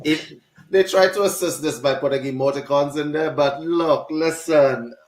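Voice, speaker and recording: A man hosting a conversational podcast, asking questions in a relaxed way and laughing now and then. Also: on the high side, moderate pace. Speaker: podcast host. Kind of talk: casual interview chat. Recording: roomy echo.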